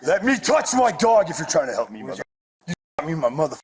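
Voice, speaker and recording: Man, 40s, erratic and profane, pleading; high voice; body-cam sound with surrounding chatter. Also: very animated, quick pace, low-quality recording. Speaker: detained man. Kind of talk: bodycam footage. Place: outdoors at an apartment. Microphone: officer's body camera.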